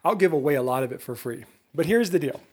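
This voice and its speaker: A middle-aged man hosting his own podcast, giving a lively motivational talk straight to his listeners, full of rhetorical questions and self-interruptions. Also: fairly high pitch, fast, breathy edge. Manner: self-interrupting, laughs at himself. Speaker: podcast host.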